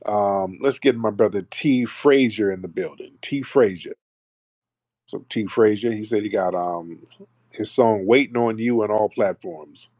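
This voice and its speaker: Guy running a live call-in, low voice, teasing callers hard, blunt slang, dead dry audio. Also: unhurried, a little mellow, no room sound. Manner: brash, mocking, blunt slang. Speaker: host of a live call-in stream. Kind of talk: casual live call-in banter.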